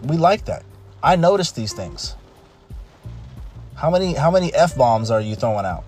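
With a fairly high, sing-song, darkish voice at normal speed, a man in his thirties gives a casual, emphatic monologue at home in a rainstorm. He repeats himself and restarts phrases often, against pouring rain and faint music.

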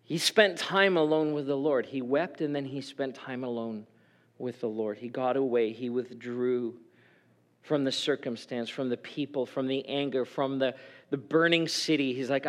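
Guy preaching, emotional and earnest, chatty sermon, kinda high bright voice. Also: a little slow. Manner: conversational, earnest preaching with frequent restarts; emotional, openly expressive. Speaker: pastor.

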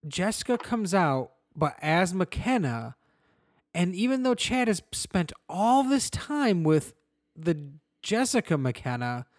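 Podcast co-host, male, high voice, dry close sound, animated and chatty. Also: dry recording. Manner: animated, quotes characters in mock voices, swears. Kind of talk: casual chat reviewing a TV episode.

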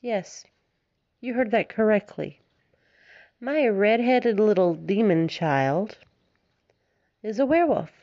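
A woman in her thirties from Alabama speaks with a soft Southern twang in a rambling, chatty podcast monologue. She giggles easily, swears casually and pokes fun at herself. The recording sounds a little dull and lo-fi. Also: medium pitch, animated, slow pace, pauses often. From Alabama, United States. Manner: giggly, swears freely, self-mocking. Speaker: podcast host.

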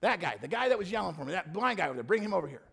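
Man doing a relaxed slangy Jesus, easygoing, gravelly. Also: sits high, very fast, exaggerated voice. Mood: calm. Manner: casual slangy talk. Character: laid-back man speaking as Jesus, casual.

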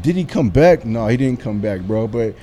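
A man, a barber, telling a story in a casual chat, slow and animated. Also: mid-range voice.

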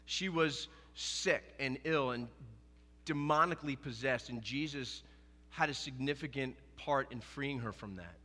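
A man preaching a sermon as pastor, in an animated, conversational way, often acting out quoted dialogue. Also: mid-range voice, a little slow, long reverb tail.

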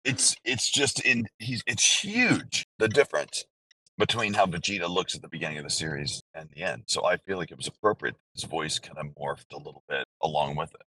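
A very low, bright-edged male voice with a husky grain, talking candidly and in long, rambling sentences that he keeps restarting. It sounds dry and close to the mic, with no room around it. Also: fairly quick, no echo, rough recording. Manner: candid, rambling, self-interrupting. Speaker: voice actor guest. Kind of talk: casual interview conversation.

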